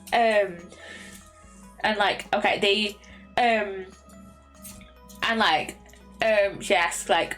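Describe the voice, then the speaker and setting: A woman's voice: mid-range voice, unhurried, long pauses. Rambling young English woman streamer. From England. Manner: rambling, many ums and restarts, retells scenes in quoted voices. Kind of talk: casual rambling chat. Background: soft lofi music.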